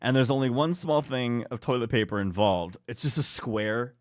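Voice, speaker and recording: A man's voice: mid-range voice, expressive, moderate pace, no echo, clean studio sound. A man co-hosting a podcast, reading stories aloud and rambling into laughing asides. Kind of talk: casual chat, reading posts aloud.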